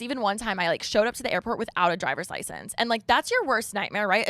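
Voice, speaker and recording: A young woman co-hosting a podcast, telling a story in casual chat and acting out text messages in a lively, higher voice. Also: no room sound. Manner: animated storytelling, acts out texts in a high voice. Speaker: podcast co-host.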